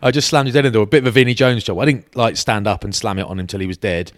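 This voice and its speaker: A British man telling lively laddish stories in a casual podcast chat. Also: lowish voice, rapid-fire. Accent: British English. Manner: laddish banter, lively anecdotes with acted quotes. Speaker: podcast co-host.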